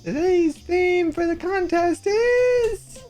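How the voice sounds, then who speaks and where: A woman voicing a chirpy young female TV presenter in a squeaky announcer manner while reading game dialogue aloud. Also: slow, darkish tone, faint music behind. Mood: perky.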